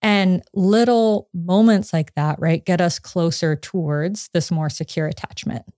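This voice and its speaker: A woman in her thirties, a psychotherapist guest on a podcast, telling a personal story in a lively way, laughing often and acting out what people said. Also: fairly low pitch, a little slow, dry recording, studio quality. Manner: animated storytelling, acts out quotes, laughs often. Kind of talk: casual podcast conversation.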